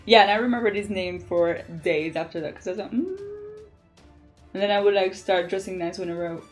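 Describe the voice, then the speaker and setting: A young woman from Jamaica with a Jamaican accent, chatting casually to camera in an animated way and laughing often. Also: lowish voice, fast, faint music behind. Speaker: vlogger.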